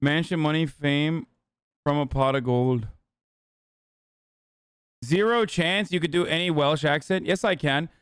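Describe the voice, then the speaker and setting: A man's voice: fairly high pitch, unhurried, pauses often, a bit bright, clear, resonant tone, dry recording, studio quality. A man hosting a casual livestream reaction, joking, sarcastic and profane. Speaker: streamer host.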